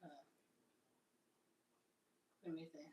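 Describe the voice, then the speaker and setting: A woman's voice: drawn-out words, warm tone, a little hiss or hum. A woman chatting casually on a live stream, rambling and amused by her own jokes. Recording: roomy, distant from the mic.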